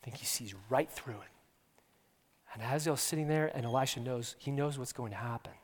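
A man preaching an earnest sermon, repeating his words and shifting between hushed near-whispers and loud emphasis. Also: mid-range voice, a little fast. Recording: long hall reverb.

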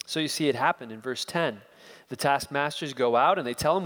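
A man's voice: mid-range voice, brisk, fairly bright tone. Male preacher, expository sermon, dramatic and questioning, reverberant hall.

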